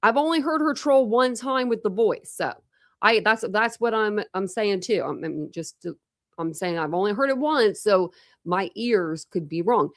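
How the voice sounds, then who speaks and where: A woman's voice: medium pitch, animated, a little slow, dry recording, studio quality. A woman hosting a true crime livestream, chatting casually with viewers and thinking aloud with many restarts. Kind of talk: casual chat with live viewers.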